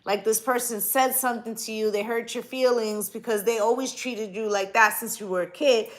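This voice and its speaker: Female tarot reader, fairly high voice; casual, emphatic and salty, asks "right?" after each point. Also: steady tone, moderate pace. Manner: blunt, profane, emphatic, keeps asking "right?". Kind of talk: casual tarot reading talk.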